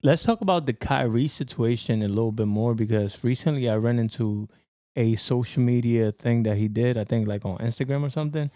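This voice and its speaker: A man's voice: medium pitch, a little fast, warm tone, no room sound, clean studio sound. A young man co-hosting a podcast in casual, slangy chat, laughing often. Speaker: podcast co-host.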